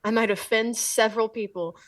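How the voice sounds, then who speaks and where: Woman guest from Georgia, playful, highish voice, slightly distant mic. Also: fairly even intonation, fairly quick. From Georgia, USA. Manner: playful, game for anything. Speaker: podcast guest. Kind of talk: casual interview chat.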